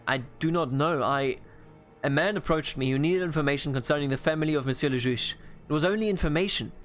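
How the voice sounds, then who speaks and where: A man voicing a remorseful middle-aged drunkard father on trial, reading his lines in a pleading, halting way from a video game. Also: on the high side, a bit bright, soft background music, close to an everyday voice.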